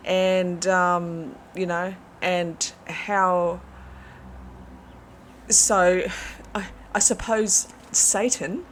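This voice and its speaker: A woman giving a rambling, animated spiritual monologue as an online preacher, full of restarts and fillers. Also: on the low side.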